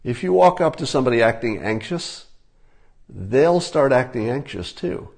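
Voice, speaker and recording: An older man talking casually, giving relaxed conversational advice and demonstrating tips as he goes. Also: mid-range voice, normal speed, vocal fry.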